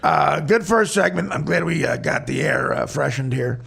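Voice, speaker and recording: A male podcast host with a heavily gravelly, creaky voice that swings widely in pitch. He rambles through crude stories in loose, casual banter. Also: lively intonation, normal speed, a crowd in the background.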